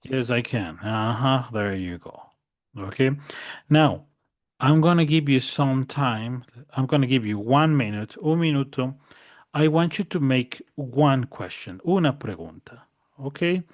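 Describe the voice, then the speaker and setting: A man's voice: medium pitch, expressive, a little slow, no room sound, clean studio sound. A man teaching a language class online. He repeats each point patiently and keeps checking that his students understand.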